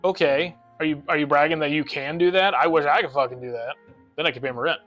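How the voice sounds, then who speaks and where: Young male streamer, rapid profane rant, slightly higher voice, faint game music underneath. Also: fairly bright tone, dull audio. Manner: rambling, profane, ranting. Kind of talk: casual gaming stream chat.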